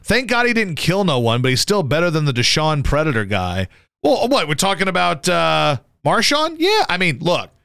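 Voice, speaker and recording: A man hosting a radio show, chatting casually about sports in a profane, animated way and jumping into high yelps to mimic people. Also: normal speed, gravelly, clear, resonant tone, no echo, clean studio sound. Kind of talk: casual sports talk banter.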